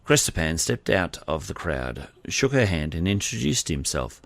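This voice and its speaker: A man reading scripted audiobook narration in a steady, expressive way. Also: deep voice, moderate pace, gravelly, no room sound.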